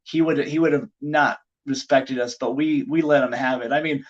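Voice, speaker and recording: A middle-aged man, a pro wrestler guest on a podcast, telling anecdotes in an animated, casual way with lots of "like" fillers. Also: medium pitch, normal speed, lo-fi sound.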